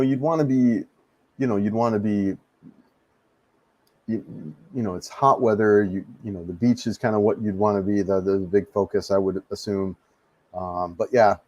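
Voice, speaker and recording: An American man hosts a casual live stream from his home in the Philippines, chatting with viewers in an easygoing, rambling way and often repeating himself. His voice is fairly low and dark, recorded with no echo on a desk mic he adjusts.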